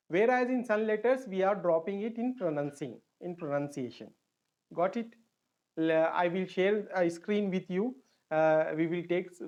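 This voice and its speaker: A man's voice: sits high, darkish tone. A man teaching an online lesson, patiently repeating points and checking that students follow. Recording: dull lo-fi audio.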